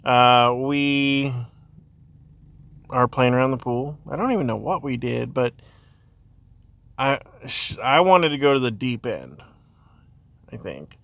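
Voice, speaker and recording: Bright-voiced dad telling a rambling story. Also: male voice, mid-range voice, slow, gravelly, long pauses, no room sound. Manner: animated, laughs often, goes off on tangents.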